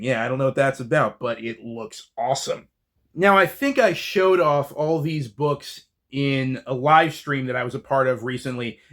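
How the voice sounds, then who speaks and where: A man hosts a casual book haul vlog, chatting eagerly about his latest finds. His voice sits at an ordinary middle pitch, and his easy, enthusiastic talk keeps a relaxed flow. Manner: enthusiastic, chatty, with fillers and restarts. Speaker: book channel host.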